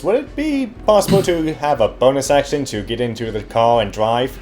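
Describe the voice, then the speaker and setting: A man casually playing a tabletop role-playing game, animated and laughing often. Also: mid-range voice, moderate pace, hardly any pauses, soft background music.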